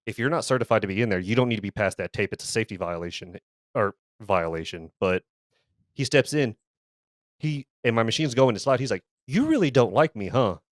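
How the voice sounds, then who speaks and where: A man with a lowish voice spins a casual story on a podcast, heated and full of swearing. He stumbles, restarts and repeats words as he gets going. The sound is close and dry, with no room around it. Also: lively intonation, brisk, no room sound. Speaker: podcast co-host.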